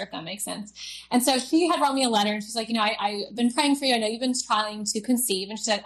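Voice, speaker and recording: A young woman guest telling a personal story in an interview, halting and emotional, with many fillers. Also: mid-range voice, a bit bright.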